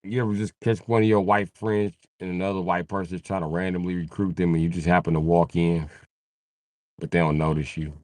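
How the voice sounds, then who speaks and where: A man's voice: sits low, a little fast, dry recording. A young man riffing crudely on a live comedy stream, jumping into voices. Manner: crude, animated, jumps into voices.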